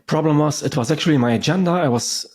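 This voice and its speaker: Man, podcast co-host, husky tone, hesitant measured talk. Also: on the high side, a little mellow. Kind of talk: casual podcast chat.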